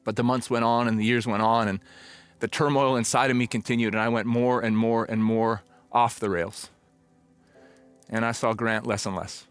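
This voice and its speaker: A middle-aged pastor telling a personal story in a conversational, reflective sermon, now and then acting out old conversations. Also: male voice, mid-range voice, little pitch movement, moderate pace, clean tone, faint music behind.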